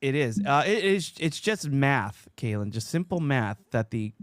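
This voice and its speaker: A man's voice: medium pitch, big pitch swings, unhurried. A man hosting a casual podcast chat, rambling and joking, reading out listener posts in between. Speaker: podcast host.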